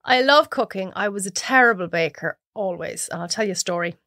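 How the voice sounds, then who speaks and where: Animated Irish woman telling stories. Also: medium pitch, a little fast, no echo, studio quality. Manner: animated storyteller, acts out others' voices. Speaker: podcast guest, cook. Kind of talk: casual chat.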